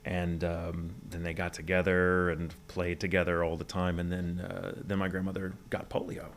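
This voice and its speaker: A deep-voiced man in his forties with a gravelly edge speaks in a neutral, almost British mid-Atlantic accent. He tells stories in a reflective, well-spoken way during a casual interview. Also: monotone, moderate pace. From Texas, USA. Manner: articulate, reflective storytelling. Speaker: interview guest, voice actor.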